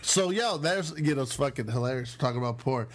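A man hosting a crude comedic chat, laughing often and retelling stories in lively voices. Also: mid-range voice, fast talker, a little hiss or hum. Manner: laughs a lot, retells bits with animated voices.

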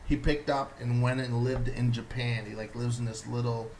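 A man hosting a relaxed conversation. He tells stories with animated energy, often breaking into laughter as he acts out the people in them. His voice sits at an ordinary pitch, with a faint hum of noise behind him. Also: normal speed, low-quality recording. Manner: animated storyteller, laughs through his own impressions. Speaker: podcast host. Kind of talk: casual chat.

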